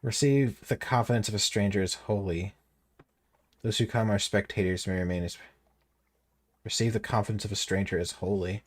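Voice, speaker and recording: A man streaming a game, reading its text aloud with bemused, deadpan asides. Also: fairly low pitch, normal speed, long pauses.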